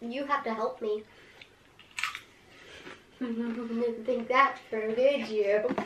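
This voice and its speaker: A woman's voice: fairly high pitch, steady tone, very slow, dull audio. A woman chatting casually and teasing her friends while tasting snacks on camera. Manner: playful, teasing. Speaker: co-host. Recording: echoey room with background noise.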